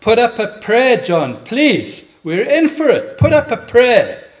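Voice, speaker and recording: A terrified man chased by a bull, begging his friend in shrill, frantic shouts, as a preacher puts him on. His voice jumps far above a normal speaking pitch and pushes loud. The sound is thin and tinny, like a phone line. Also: wildly swooping pitch, slow pace, exaggerated voice. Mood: panicked. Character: panicked man fleeing a bull.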